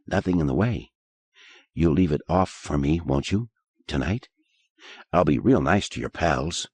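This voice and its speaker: Male reader as a coaxing teen boyfriend, soft and low. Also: animated, moderate pace, husky, no echo, full character voice. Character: smooth teenage boyfriend, coaxing.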